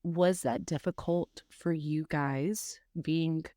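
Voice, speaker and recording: A woman's voice: low-pitched, steady tone, slow pace, warm tone, no echo, studio quality. A woman from North Carolina co-hosting a podcast, asking casual interview questions in a chatty way with lots of fillers. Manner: chatty, many fillers and asides. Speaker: podcast co-host.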